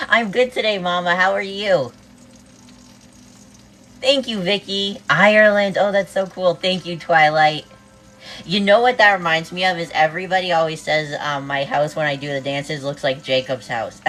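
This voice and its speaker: Bubbly East Coast woman, lowish voice, cooks live while chatting to her viewers. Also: a bit bright. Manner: bubbly, greets viewers one after another, says "oh my God" often. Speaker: livestreamer cooking while greeting viewers. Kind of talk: casual livestream chat.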